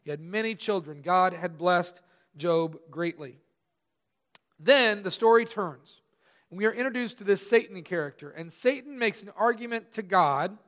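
A pastor preaching a conversational sermon, stressing key words slowly and trailing off softer at the ends of phrases. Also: male voice, sits high. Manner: conversational, pausing with emphatic slow stresses.

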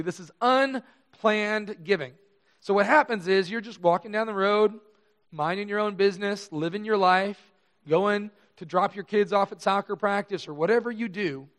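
A man's voice: sits high, a bit bright. A male pastor preaching a sermon, telling stories in a conversational, self-deprecating way.

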